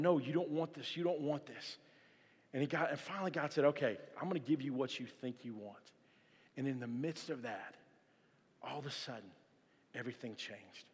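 A man preaching with a fairly high voice, telling stories in an animated way and stumbling over restarts. His words ring out with a long reverb, as if they were filling a church hall. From South Florida. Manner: storytelling, animated, frequent restarts. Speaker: pastor. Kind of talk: sermon to a youth audience.

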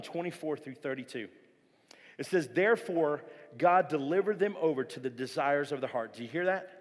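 A man preaching a casual, storytelling sermon as a pastor, often restarting his sentences. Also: a little high. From South Florida. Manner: storytelling, animated, frequent restarts. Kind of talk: sermon to a youth audience. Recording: long hall reverb.

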